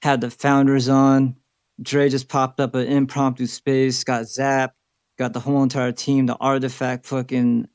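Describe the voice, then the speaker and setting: A man speaking quickly and emphatically in casual chat, full of slang and swearing. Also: medium pitch, vocal fry, darkish tone, smooth, no room sound, clean studio sound.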